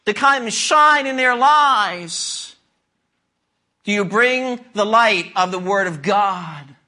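Slow, emphatic preaching man. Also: extremely high pitch, bright, forceful tone. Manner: emphatic preaching with questions to the congregation. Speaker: pastor. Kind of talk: sermon.

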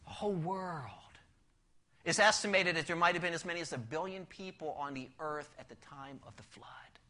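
A man preaching an expository sermon, asking the listeners rhetorical questions and swinging from loud emphasis down to a near-whisper. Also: fairly high pitch, a little fast.

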